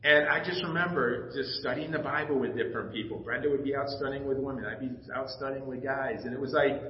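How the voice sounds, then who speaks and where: A man's voice: mid-range voice, fast. A middle-aged man preaches from the pulpit and shares a personal story, quoting the other people in it as he goes. His voice rings through a reverberant church sanctuary. The recording is slightly dull, with faint background noise. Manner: storytelling, acting out dialogue, emotional. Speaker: pastor. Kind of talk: personal testimony in a sermon.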